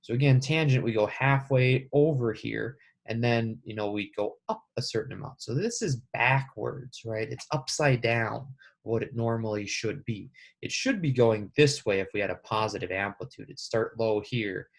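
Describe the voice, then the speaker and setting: Gravelly-voiced man teaching math. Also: mid-range voice, normal speed. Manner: casual, talks through steps aloud. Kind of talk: screen-recorded math lesson.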